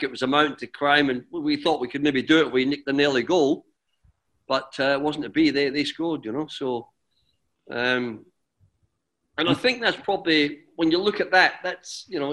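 A middle-aged man with a slightly high voice, a former footballer, tells a long story as an interview guest. He rambles, restarts sentences and calls the listener "mate" in a relaxed, chatty way.

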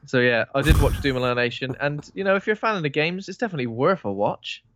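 A man's voice: a little high, animated, fast talker, fairly bright tone. A man from Bristol, co-hosting a podcast in casual, rambling chat that keeps restarting itself. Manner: rambling, self-interrupting, informal. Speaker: podcast co-host.

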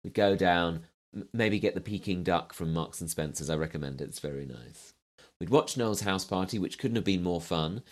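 A man's voice: low voice, moderate pace. A man from southeast London, a comedian as guest, telling stories in a wry, well-spoken manner. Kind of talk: casual chat.

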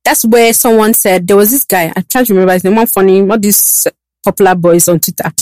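A woman's voice: mid-range voice, fairly even intonation, a little fast, a little mellow, no room sound. A woman doctor, speaking earnestly and intensely in a casual chat. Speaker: podcast co-host, doctor.

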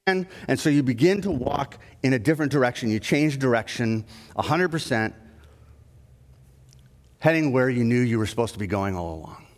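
A man's voice: mid-range voice, moderate pace. Man preaching in a reverberant hall. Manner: conversational storytelling, lively when telling a story. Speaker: pastor. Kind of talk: sermon. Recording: long reverb of a church hall.

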